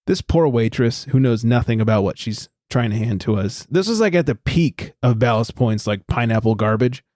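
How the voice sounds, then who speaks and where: A man hosting a podcast, telling stories casually and sprinkling in profanity, with quick asides and acted-out quotes. His voice sits at an ordinary middle pitch. The recording is dry and close. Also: a little mellow, no echo. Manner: chatty storyteller, profane, acts out quoted voices. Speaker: podcast host.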